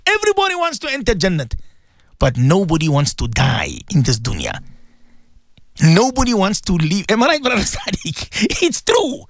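A man's voice: high-pitched, no echo, studio quality. A man hosting a call-in religious radio talk show, speaking emotionally and repeating himself as he preaches. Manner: emotional, animated, repetitive preaching. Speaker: radio host and religious teacher.

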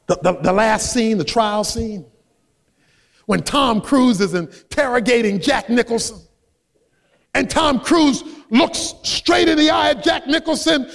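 A man, a pastor, delivering an emphatic sermon that swings between soft asides and shouted high points. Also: creaky, in a large hall.

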